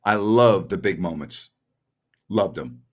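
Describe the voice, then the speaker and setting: A man's voice: sits low, animated, slow pace, darkish tone. A middle-aged man hosting a sports talk stream, answering viewer messages bluntly and with strong opinions. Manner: blunt and opinionated, scoffs at callers.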